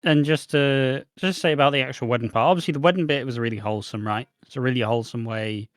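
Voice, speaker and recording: A man's voice: medium pitch, fast talker, dry recording. Laid-back young British man, dry sound. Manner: laid-back, laughs between phrases. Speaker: podcast co-host. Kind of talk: casual chat recapping a soap.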